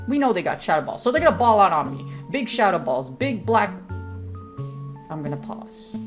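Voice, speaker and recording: Hyped woman commentating a game battle. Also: mid-range voice. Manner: hyped, slangy and joking. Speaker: gaming content creator. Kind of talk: gameplay commentary.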